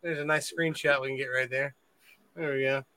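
A man hosting a podcast in rambling, profane, affectionate chat. His voice is bright and resonant, a little higher than most men's. The sound is dry with no room around it. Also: fairly even intonation, brisk, dry recording. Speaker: podcast host. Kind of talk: casual chat.

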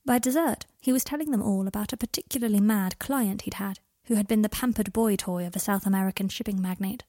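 A woman reads the narration of a fan fiction audiobook in a quiet, intimate voice. Her tone is husky with a gravelly creak. The recording is dry and close, with no room around it. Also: mid-range voice, fairly even intonation, fairly quick, hardly any pauses, dry recording.

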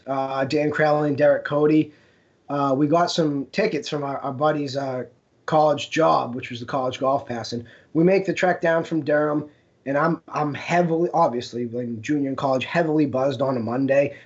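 Young man, podcast co-host, higher-pitched, casual storytelling, dull lo-fi sound. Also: fairly even intonation, normal speed. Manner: storytelling, laughs while talking. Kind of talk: casual chat.

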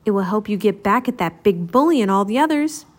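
A woman's voice: mid-range voice, lively intonation, a little fast, lightly acted. A woman voicing a sly, coaxing helper in a storybook.

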